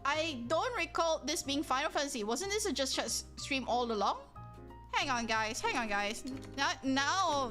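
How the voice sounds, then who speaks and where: Woman streamer, high and bright voice, animated rambling chat with frequent laughs and restarts, soft music underneath. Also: normal speed. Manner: animated, rambling, frequent self-interruptions and exclamations; laughs often mid-sentence. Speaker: livestream host. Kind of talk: casual chat with viewers. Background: soft background music.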